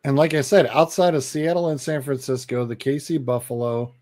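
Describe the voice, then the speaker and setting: A man co-hosting a podcast, talking football in blunt, excitable banter. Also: mid-range voice, fairly quick. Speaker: podcast co-host. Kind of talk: casual sports chat.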